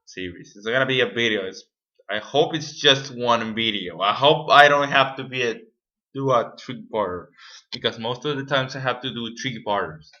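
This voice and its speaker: A man's voice: medium pitch, moderate pace, pushed and bright, lo-fi sound. A man vlogging an unscripted rant to camera, profane, rambling and exasperated. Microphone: camera mic.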